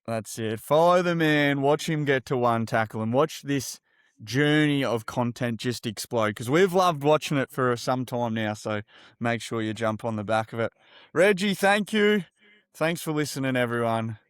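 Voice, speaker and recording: An Australian man hosting an interview, enthusiastic and lively with his guest. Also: mid-range voice, moderate pace, clear, resonant tone, dry recording, clean studio sound. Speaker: podcast host. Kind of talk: upbeat interview.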